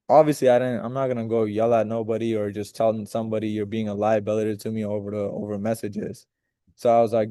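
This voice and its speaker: A man's voice: mid-range voice, steady tone, fairly quick, mellow, no echo, studio quality. A man leading a group video call, giving a casual, rambling motivational talk with profanity and direct questions to his listeners.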